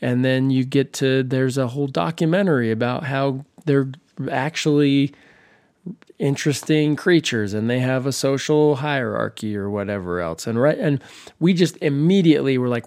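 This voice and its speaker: Guy rambling on his podcast, dry sarcastic jokes, medium pitch, dead dry room. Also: moderate pace, darkish tone, dry recording. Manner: wry, sarcastic, meandering with many restarts. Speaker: podcast host. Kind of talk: casual rambling monologue.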